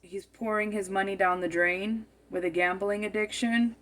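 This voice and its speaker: A woman's voice: mid-range voice, fairly even intonation, normal speed, fairly bright tone. A woman giving a tarot card reading, musing aloud and often repeating and rephrasing her phrases as she goes.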